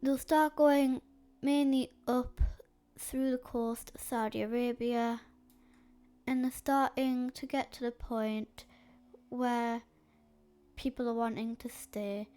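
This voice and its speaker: A woman narrating a map history video in a slow, hesitant way, with a stuffy, snotty nose and frequent fillers. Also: a little high, steady tone, mellow, clean tone.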